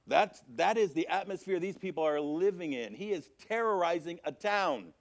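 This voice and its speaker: A man teaching a church Sunday school class from scripture, animated, swinging from loud emphasis to quiet, low passages. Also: moderate pace, few pauses. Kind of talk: Bible teaching. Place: church auditorium.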